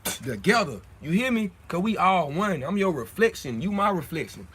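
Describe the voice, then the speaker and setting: Streamer, young man, husky and a bit high, preachy slang monologue. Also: big pitch swings, moderate pace, a bit bright. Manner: preachy, streetwise slang, repeats himself. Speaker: livestream host. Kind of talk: casual livestream talk.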